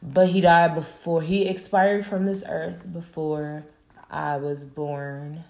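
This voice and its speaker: A woman's voice: sits low, fairly even intonation, takes it slowly, a little mellow. A woman hosting her own podcast, wrapping up a solo episode in a laid-back, profane, affirming way. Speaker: podcast host. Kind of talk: casual solo podcast wrap-up.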